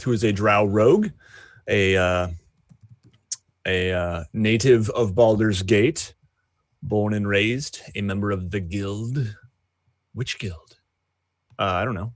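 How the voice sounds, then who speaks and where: Low-voiced man, hesitant player. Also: slow pace, no echo, clean studio sound. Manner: hesitant, many fillers. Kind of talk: casual tabletop game chat.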